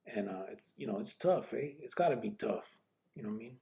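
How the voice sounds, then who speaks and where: This podcast host's mid-range voice is gravelly yet mellow, animated, and fairly quick. His casual personal storytelling wanders along easily, full of street slang and swearing, with fillers such as "you know what I mean" coming up constantly.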